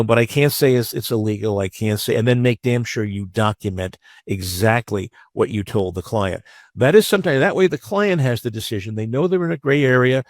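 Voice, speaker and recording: A male lawyer lecturing in a webinar, frank and conversational with plenty of asides and anecdotes. His voice sits at a middle pitch. The sound is dry and close, with no room echo. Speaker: business lawyer teaching a webinar.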